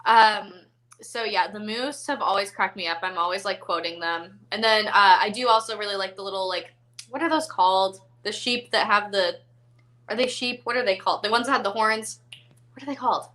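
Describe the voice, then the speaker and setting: Bright, chatty woman hosting a movie chat. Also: medium pitch, brisk, poor audio. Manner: chatty, giggly, filler-heavy. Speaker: host.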